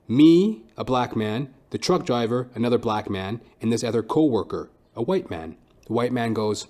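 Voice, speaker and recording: Profane, animated young podcast host. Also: male voice, medium pitch. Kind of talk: casual monologue.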